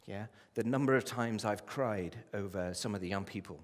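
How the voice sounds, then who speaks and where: A man preaching a sermon as a pastor, with impassioned delivery that rises to loud pleading and drops low. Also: normal speed. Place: church. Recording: long hall reverb.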